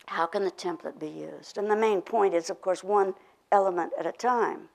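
Older female workshop presenter, gravelly voice, steady teaching delivery with choral drills. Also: medium pitch, rough recording. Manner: explains concepts with spoken drills and repetition. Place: workshop room.

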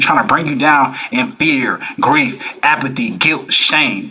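This male reaction-video host has a slightly high, slightly rough voice and keeps a moderate pace with few pauses. He animatedly lectures his viewers, repeating phrases and firing rhetorical questions.

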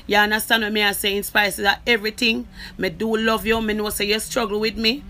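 A Jamaican woman talking straight to camera, emphatic and forceful, who keeps asking "you understand me?". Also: medium pitch, level tone, a little fast, few pauses. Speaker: social media creator. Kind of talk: direct-to-camera personal talk.

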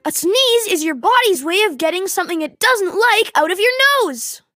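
A woman narrating a children's educational program in a clear, teacherly way. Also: extremely high pitch, animated, normal speed, a bit bright, no echo, studio quality. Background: faint music.

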